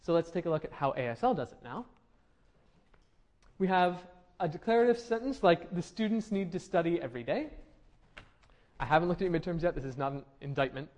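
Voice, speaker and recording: A man's voice: a little high, expressive, fairly quick, pauses often, darkish tone. A man teaching a linguistics class, explaining step by step and often checking in with his students. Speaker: linguistics lecturer. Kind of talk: classroom lecture.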